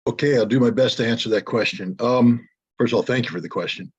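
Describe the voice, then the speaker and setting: A man answering questions as a panel speaker at a press conference, measured and often pausing with fillers. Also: mid-range voice, breathy edge, muffled recording. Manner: measured, frequent filler hesitations.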